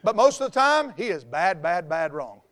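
A man with a Southern US accent, preaching a folksy, joking sermon as a pastor, swinging between quiet asides and loud outbursts. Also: high-pitched, big pitch swings, normal speed. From American South.

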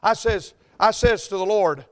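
A man's voice: sits high, moderate pace. A middle-aged man from the North Carolina mountains, preaching a sermon with an Appalachian accent and exuberant storytelling. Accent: Southern US Appalachian. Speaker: pastor.

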